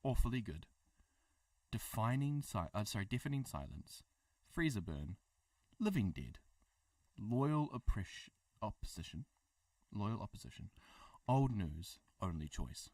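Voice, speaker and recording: A New Zealand man chats on a livestream in a lowish voice, rambling and full of fillers. He sounds a little way off the mic, in a dry room. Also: very animated, unhurried, long pauses, darkish tone, no echo, distant mic. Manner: joking, rambling, lots of fillers. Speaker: co-host of a livestream. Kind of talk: casual chat.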